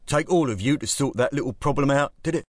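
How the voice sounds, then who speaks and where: A man doing a barking gruff gangster. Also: medium pitch, fast, no echo, clean studio sound, voice pushed up, close to an everyday voice. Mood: menacing. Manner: barking, blunt. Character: gruff, sarcastic male gangster extorting money.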